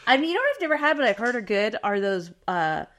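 A woman's voice: a little high, big pitch swings, fast, fairly bright tone. A woman co-hosting a podcast, casually recapping a TV episode in a chatty way and laughing often. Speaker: podcast co-host.

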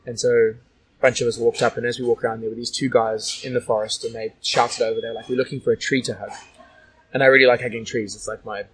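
A man's voice: medium pitch, level tone, quick pace, a little hiss or hum, poor audio. A man from Australia telling stories as a guest in a casual interview, rambling with lots of "like" and "you know".

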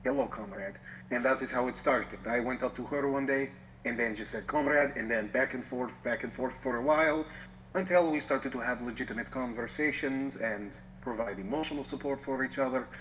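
A man's voice: mid-range voice, a little fast, a bit bright, dull audio, slight background noise. A man chatting as a podcast guest, playful and rambling, often correcting himself mid-sentence. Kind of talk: casual chat.

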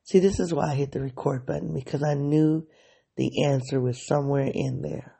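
A solo podcast host talks through their own feelings in a candid, self-analyzing diary style. The voice is gravelly and husky, with a dark, mellow tone, and the thoughts come out as they form. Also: medium pitch, fairly even intonation, moderate pace.

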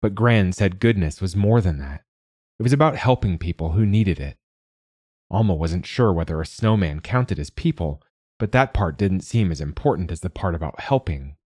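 Deep husky man reading a storybook. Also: animated, normal speed, a little mellow, dry recording, clean studio sound. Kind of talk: storybook narration.

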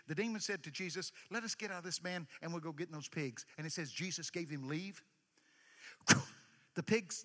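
Older male preacher, booming in a hall. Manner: animated storytelling with sudden shouted bursts and joking asides. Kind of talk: sermon. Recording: long reverb of a large hall.

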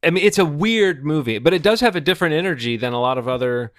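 A man's voice: fairly high pitch, lively intonation, fast, a bit bright, no echo, studio quality. A man in his forties talking through a movie on a podcast, thoughtful and hesitant, with many restarts. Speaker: podcast co-host. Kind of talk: casual film discussion.

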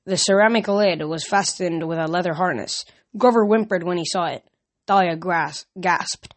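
A woman reading a first-person novel aloud in a steady, even storytelling manner. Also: lowish voice, normal speed. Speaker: audiobook reader.

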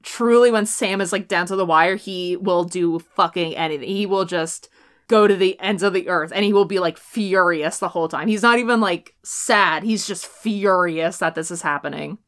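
Animated, swearing woman podcaster. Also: lowish voice, normal speed. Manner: animated, swears often, laughs a lot. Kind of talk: casual chat about a TV show.

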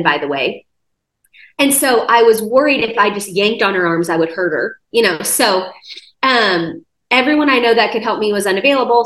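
A woman recounting a personal story as a podcast guest, chatty and animated, peppering her sentences with "like." Her voice sits mid-range and carries a noticeable roomy echo. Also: medium pitch. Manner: lively retelling with many "like" fillers. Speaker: guest sharing a testimony. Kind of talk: conversational storytelling.

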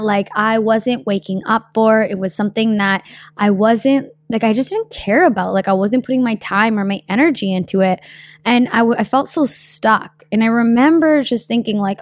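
A young woman giving a casual motivational talk about her own story, energetic and slangy, swearing freely and acting out what people say. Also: fairly high pitch, dry recording. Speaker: speaker sharing a personal story.

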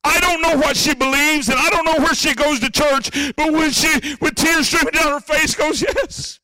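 A man preaching a sermon to his congregation, speaking to them directly, slowing on key phrases and building to shouts. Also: very high voice, fairly even intonation, background noise. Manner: impassioned preaching that swells into shouts. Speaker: pastor.

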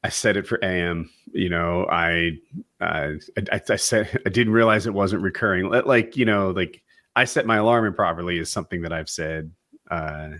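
A man's voice: low-pitched, fairly bright tone, no room sound, clean studio sound. A man in a casual streamed chat on a video call, wry and articulate. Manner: wry, articulate, quick to laugh.

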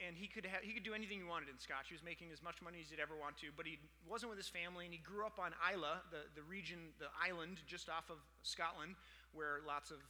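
A man's voice: high-pitched, sharp tone. A man preaching a conversational sermon, telling stories with lots of filler words. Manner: storytelling, chatty with many fillers. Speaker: pastor. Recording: long hall reverb.

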